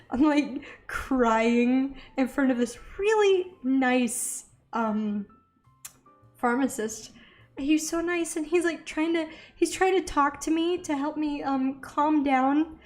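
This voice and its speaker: A young woman with a drawl chatters away as she draws, laughing at herself as she goes. Her voice sits a little high, and faint music plays under it. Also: takes it slowly, darkish tone. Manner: chatty, self-deprecating, giggly. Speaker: art vlogger. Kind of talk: casual chat while drawing.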